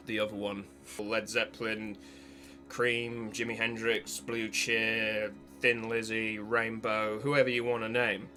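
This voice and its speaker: A man's voice: on the low side, pushed and bright. A man giving a spoken video essay as a music commentator, discursive and analytical, with frequent fillers and restarts.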